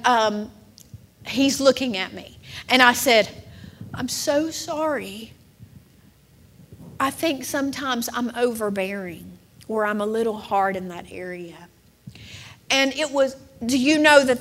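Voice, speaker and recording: A middle-aged woman preaching a sermon, emotional and building to emphatic, drawn-out declarations. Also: fairly high pitch, fairly bright tone, a little hiss or hum.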